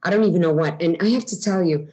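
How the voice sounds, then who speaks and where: A middle-aged woman with a thick Long Island New York accent, brash and quick with her words. She talks freely in a casual chat and swears without a second thought. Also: lowish voice, a little mellow, low-quality recording. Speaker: guest.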